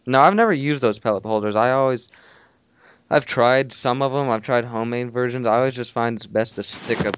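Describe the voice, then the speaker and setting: A young man co-hosting a hunting podcast, telling animated stories in casual chat and swearing freely. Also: medium pitch, brisk, clean tone. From Georgia. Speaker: podcast co-host. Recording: dull lo-fi audio.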